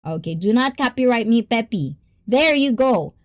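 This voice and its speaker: A woman hosting a casual livestream, excitable and giggly, hopping between languages. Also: fairly high pitch, normal speed. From Philippines. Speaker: livestream host.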